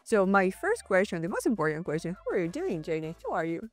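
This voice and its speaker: A woman's voice: lowish voice, sing-song, quick pace, no room sound, soft background music. A woman hosting a sports TV interview, asking questions in a chatty, friendly way and laughing easily. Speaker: sports TV show host.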